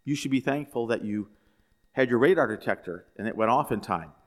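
A man voicing a wife in a joke, speaking sweetly and calmly as she corrects her husband. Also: mid-range voice, fairly quick, lightly acted. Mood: sweetly tattling. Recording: echoey hall.

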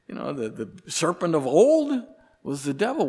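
Male preacher, mid pitch, unhurried and emphatic sermon delivery, long hall reverb. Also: wildly swooping pitch, a little mellow, slightly rough. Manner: slow, deliberate preaching with emphatic rises on key words.

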